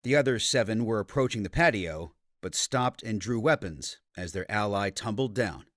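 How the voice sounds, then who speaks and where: A man's voice: fairly low pitch, lively intonation, moderate pace, a bit bright, dry recording. Male audiobook narrator, dry close sound. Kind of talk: scripted narration.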